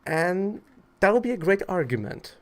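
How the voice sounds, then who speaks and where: A man's voice: sits high, sing-song, normal speed. A man from Poland tells a story in a casual vlog, rambling with lots of fillers in a wry, exasperated way. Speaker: trading card seller telling a story.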